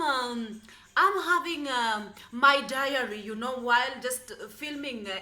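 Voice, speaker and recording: A woman who does not speak English as her first language chats sassily into her phone camera, animated and full of fillers. Her voice is bright and clear, sitting a little high. The room is echoey, with faint music playing in the background. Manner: sassy, animated, many fillers. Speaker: vlogger. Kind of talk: casual chatty vlog. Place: apartment in the United Arab Emirates.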